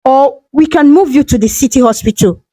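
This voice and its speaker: A woman's voice: high-pitched, normal speed, mellow, dry recording, lightly acted. A woman voicing a grieving adult son who pleads tearfully with his mother. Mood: remorseful.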